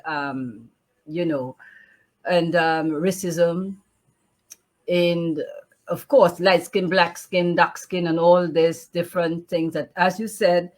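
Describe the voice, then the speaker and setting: A woman poet chatting in an interview, then reciting her poem in a declamatory way with repeated refrains. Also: on the low side. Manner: slow, lively, declamatory reading with repeated refrains. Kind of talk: casual interview and poetry recitation.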